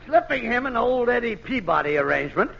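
A man's voice: very high-pitched, very animated, a little fast, gravelly. A man doing hammy, mock-hardboiled narration as an inspector in a 1940s radio comedy. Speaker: comic narrator playing an inspector. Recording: muffled hissy old radio recording.

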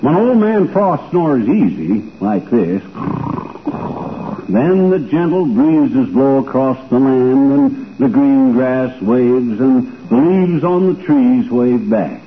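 An actor playing a folksy, blustering small-town husband who spins tall tales, in a 1940s radio comedy. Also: male voice, mid-range voice, lively intonation, slow pace. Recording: tinny old radio broadcast with faint hiss.

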